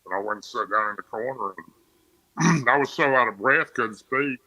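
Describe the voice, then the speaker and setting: A man's voice: medium pitch, normal speed, bright, forceful tone, no echo, poor audio. A man from Tennessee, a podcast guest, telling a story in plain, rambling casual speech.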